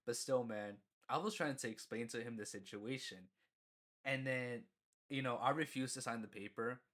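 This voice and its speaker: A man's voice: medium pitch, normal speed, a bit bright. Rambling young man telling a story. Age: young adult. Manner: rambling, peppered with "you know" and swearing; laughs at himself mid-story. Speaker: storyteller vlogger. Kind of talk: casual storytime.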